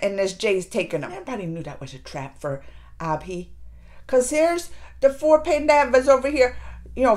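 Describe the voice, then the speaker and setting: A woman hosting a reaction video, retelling a TV episode in a casual, emotional way and quoting the characters. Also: sits high. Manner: emotional, animated retelling with quoted voices.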